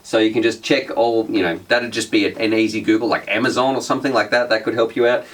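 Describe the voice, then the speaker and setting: A man's voice: on the low side, steady tone, quick pace, far from the mic. A man hosting a casual drone Q&A, reading out viewer questions. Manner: reads viewer questions aloud, chatty. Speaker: host. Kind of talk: casual Q&A chat.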